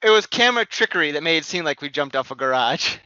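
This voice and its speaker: Bright, clear-voiced man on a podcast. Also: fairly high pitch, lively intonation, quick pace. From Illinois. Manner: hesitant, trailing restarts. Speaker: podcast co-host. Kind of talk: casual chat about a film. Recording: dull lo-fi podcast audio.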